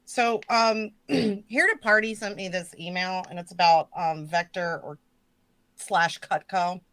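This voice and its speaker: A woman hosting a casual live stream, chatting loosely and swearing, with jokey shout-outs to her chat. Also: lowish voice, measured pace, no room sound. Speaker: stream host.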